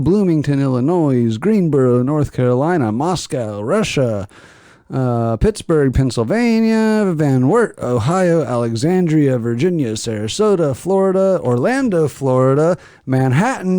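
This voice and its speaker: A man's voice: a little high, expressive, a little slow, no echo, studio quality. A man co-hosting a casual podcast, rambling and joking as he reads out listener locations. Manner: rambling, jokey, reads listener shout-outs. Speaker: podcast co-host.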